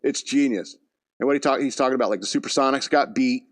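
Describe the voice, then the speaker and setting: A man's voice: mid-range voice, fast, no echo. Chatty male podcast host, dry studio sound. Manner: rambling, chatty, laughs at his own jokes. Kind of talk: casual storytelling monologue.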